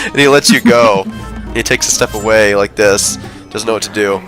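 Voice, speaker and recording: A man running a tabletop game as game master, animated and laughing often. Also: lowish voice, moderate pace, over loud music.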